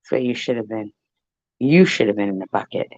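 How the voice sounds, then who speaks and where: Low-voiced guy ranting and taunting at the camera, cussing a lot, muffled dry recording. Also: lively intonation, darkish tone, dry recording. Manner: profane, taunting, slow and deliberate. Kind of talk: angry rant to camera.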